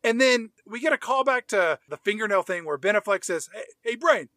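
A man's voice: high-pitched, animated, brisk, bright, forceful tone, dry recording, clean studio sound. A man co-hosting a casual movie review chat, animatedly recapping scenes and acting out lines in mock voices. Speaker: podcast co-host.

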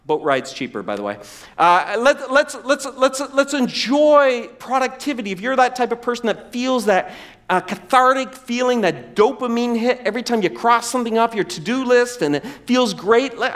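A male preacher delivering a lively sermon in a high, sweeping voice. He acts out the quoted speakers with dramatic swings in pitch. Now and then he calls on his audience to say a word back to him. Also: moderate pace. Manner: animated, acts out quoted voices, asks the audience to repeat words. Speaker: pastor.

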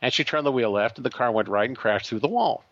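A man's voice: medium pitch, fast, no echo, lo-fi sound. A man, a guest on an interview show, telling an anecdote and acting out the quoted voices. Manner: animated, acts out quoted voices. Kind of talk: storytelling anecdote.

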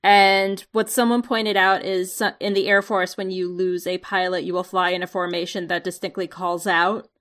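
A woman's voice: fairly low pitch, little pitch movement, moderate pace, hardly any pauses, fairly bright tone. A woman co-hosting a casual podcast, chatty and wry, with frequent "like" fillers. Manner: chatty, filler-heavy, sarcastic. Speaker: podcast co-host. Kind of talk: casual chat about a TV episode.

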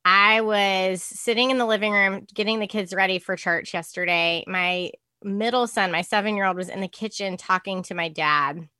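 A woman's voice: medium pitch, steady tone, moderate pace, few pauses, bright, forceful tone, dry recording. A woman, a guest mom on a casual podcast, telling stories animatedly and acting out her kids.

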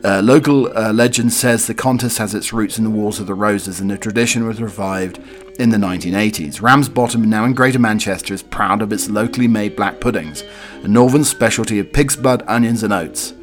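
A lowish-voiced podcast host with a cold reads out odd news stories at a fairly quick pace, drifting into rambling asides packed with fillers. Soft music plays in the background.

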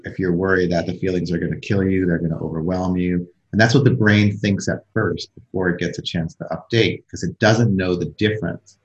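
Low-voiced man explaining calmly. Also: dull audio. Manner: calm, explanatory, uses vivid metaphors. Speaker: emotional awareness coach and guest. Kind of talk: conversational podcast interview.

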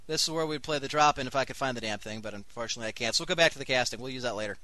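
A man's voice: medium pitch, very fast, bright, forceful tone, dry recording. Wry man casting a strategy game. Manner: wry, sarcastic asides. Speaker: host and game caster. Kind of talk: live strategy-game commentary on an online radio show.

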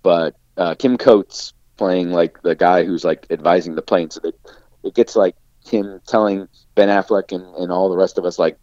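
Guesting on a podcast, an actor with a low voice recounts a long story animatedly and casually at a moderate pace, leaning heavily on "like" as a filler. The sound is dull, lo-fi, and dry, with no echo.

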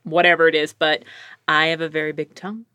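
A woman hosting a casual podcast chat. She has a slight lisp and talks in an animated way, acting out other people's voices. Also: low voice, quick pace, smooth, no room sound. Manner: animated, mimics voices, lots of fillers.

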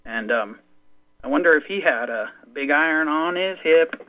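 Enthusiastic male guest who tells stories, a little high in pitch, heard over a tinny radio line. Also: animated, moderate pace, no echo. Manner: chatty, enthusiastic storyteller. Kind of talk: conversational radio talk. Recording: dry, phone-like radio audio.

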